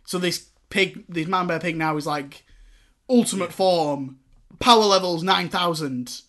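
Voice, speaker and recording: A man's voice: high voice, unhurried, fairly bright tone. A man hosting a casual film review podcast, recapping the plot jokily and acting out lines from it.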